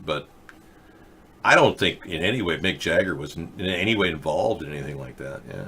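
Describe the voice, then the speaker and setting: A man with a lowish voice hosts a political talk show from a desk mic. He rambles in casual commentary, thinking aloud, stumbling through fillers and half-finished sentences. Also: expressive, a little fast, pushed and bright, breathy edge. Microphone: webcam or desk mic for a video chat.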